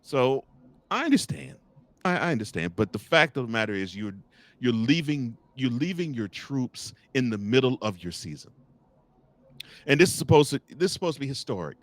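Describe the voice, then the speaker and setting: In a mid-range voice at normal speed, a male sports talk host runs a college football talk segment without any echo. His style is lively and jokey, and he talks straight to the coaches and officials under discussion.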